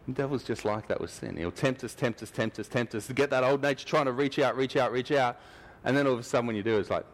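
A man's voice: medium pitch, fast talker. A man preaching a sermon in church, talking conversationally and acting out little scenes.

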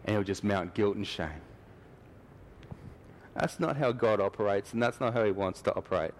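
A man's voice: on the low side, moderate pace, a little hiss or hum. Conversational male preacher. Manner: conversational, acts out little scenes and voices. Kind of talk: sermon. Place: church.

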